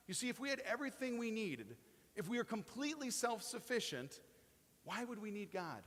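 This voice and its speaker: A man preaching a sermon as pastor, dropping soft for quotes and rising with excitement. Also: high voice, fairly quick. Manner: swings between hushed quoting and rising excited emphasis. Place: church sanctuary. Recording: long hall reverb.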